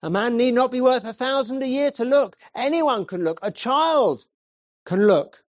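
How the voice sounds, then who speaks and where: A man's voice: extremely high pitch, lively intonation, normal speed, no room sound, studio quality, pitched above the performer's own voice. A man voicing a poor, plain-spoken lay preacher who fervently repeats his simple appeal. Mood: earnest, plain. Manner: pleading, insistent repetition.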